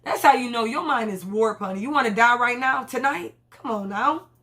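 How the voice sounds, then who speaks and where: A woman's voice: on the high side, moderate pace, slight background noise. A young woman casually recapping a TV episode, swearing freely and acting out the characters' lines. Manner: animated, profane, acts out characters' lines. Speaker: TV episode reviewer.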